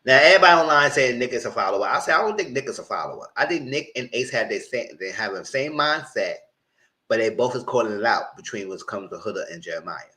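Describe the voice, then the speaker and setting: A man's voice: expressive, fast, sharp tone. A man giving a live recap of a reality TV show, talking in a sassy, blunt, slangy way. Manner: sassy, blunt, slangy, breaks into mocking high voices.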